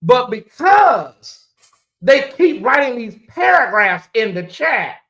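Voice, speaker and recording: A woman's voice: fairly high pitch, big pitch swings, takes it slowly, fairly bright tone. A woman hosting a casual livestream, rambling in a loose, repetitive way and talking straight to her chat. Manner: rambling, repeats phrases, talks to chat. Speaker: livestream host.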